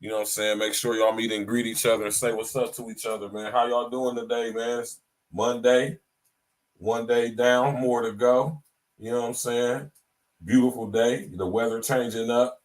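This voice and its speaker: At a normal speed and with flat delivery, a man with a mid-range voice hosts a podcast. It's casual chat, blunt and slangy, with plenty of repetition and frequent "you hear me" additions.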